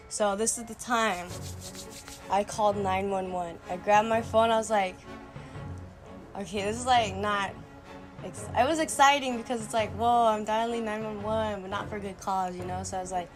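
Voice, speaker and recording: A young woman telling a story on her vlog, casual and animated, full of "like" and slang, bursting into loud quoted lines. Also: medium pitch. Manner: animated, dramatic retelling with sudden loud quoted outbursts; many "like" fillers, slangy talk. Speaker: storyteller vlogger.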